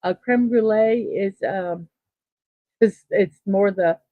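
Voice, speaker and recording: A woman's voice: medium pitch, takes it slowly, no room sound. A woman hosting a daily morning livestream, chatting casually and reading out viewer comments, upbeat and full of fillers. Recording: tinny phone-like sound, dry.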